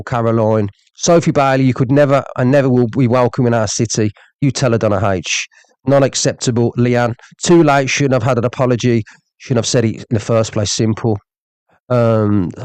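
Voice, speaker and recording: A man's voice: medium pitch, a little mellow, no echo. Angry swearing man ranting on a live stream. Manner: angry, profane, repeats "you know what I mean". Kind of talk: live-stream rant reading viewer comments.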